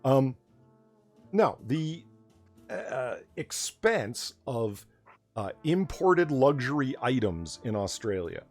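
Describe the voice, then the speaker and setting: A man from the United States hosting a casual late-night chat stream, talking in an animated, profane, ranting way. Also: medium pitch, slow, faint music behind. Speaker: stream host.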